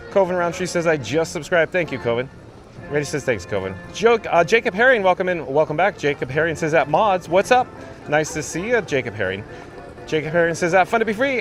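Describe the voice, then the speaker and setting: Man host, friendly walking live-stream read of viewer chat, slightly higher voice, outdoor park with music and crowds behind. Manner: reads viewer comments aloud and thanks them. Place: outdoors in a busy theme park. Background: park music and crowd noise.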